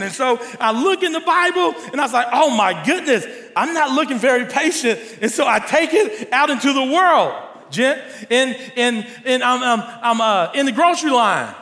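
A man preaching a sermon to a congregation, animated and storytelling, his voice sometimes rising to near shouts. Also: very high voice, normal speed, few pauses. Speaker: pastor. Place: large church hall. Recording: long hall reverb.

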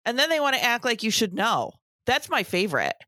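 A woman's voice: fairly high pitch, very animated, brisk, sharp tone, no room sound, studio quality. A middle-aged woman co-hosting a casual podcast, speaking emphatically with exasperated asides about work in a pediatric office. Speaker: podcast co-host, breastfeeding professional.

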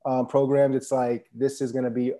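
A man's voice: mid-range voice, flat delivery, moderate pace, dark tone. A man chatting casually as a podcast guest, laid-back and rambling with many fillers. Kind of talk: casual conversation.

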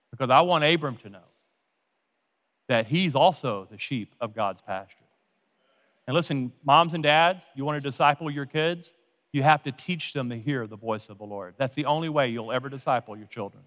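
A man preaching as a guest pastor, earnest, slowing his words down to lead a prayer. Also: medium pitch, pushed and bright. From United States. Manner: earnest, slows down for emphasis in prayer. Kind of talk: sermon. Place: large church auditorium. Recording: long hall reverb from a church sanctuary.

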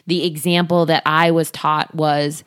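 A woman hosting a talk, coaching listeners in an earnest, expressive way and acting out their inner voices. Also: sits low, measured pace, clean tone, no room sound, clean studio sound. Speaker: podcast host, body image coach. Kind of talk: casual motivational talk.

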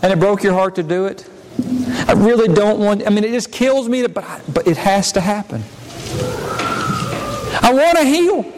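A man preaching a sermon, his delivery impassioned, swinging between loud pleas and hushed, quiet passages. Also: sits high, expressive, normal speed, pauses often, long reverb tail, a little hiss or hum, poor audio. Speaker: pastor.

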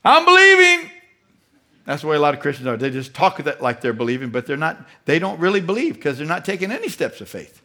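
A man's voice: fairly high pitch, animated, fast talker. Emphatic male pastor preaching. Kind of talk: sermon.

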